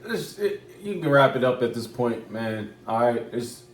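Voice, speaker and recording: A man's voice: mid-range voice, sing-song, normal speed. Echoey, loose-talking man preaching. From United States. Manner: loose, repetitive, profane street talk. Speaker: religious commentator. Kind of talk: casual preaching commentary. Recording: echoey room.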